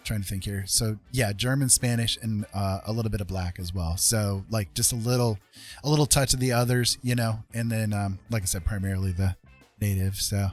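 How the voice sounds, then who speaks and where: Low-voiced man, rambling stream host. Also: steady tone, fairly quick, faint music behind. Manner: rambling, explains at length with fillers. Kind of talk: casual chat.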